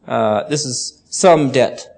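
A man's voice: mid-range voice, slow pace, vocal fry, darkish tone. A man preaching, explaining a passage of scripture and reading it aloud with rising emphasis. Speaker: pastor. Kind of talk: sermon.

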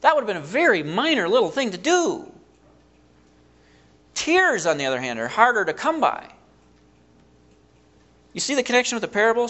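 A man preaching a sermon, retelling a story in an animated way and acting out the quotes. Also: high voice, moderate pace, pauses often.

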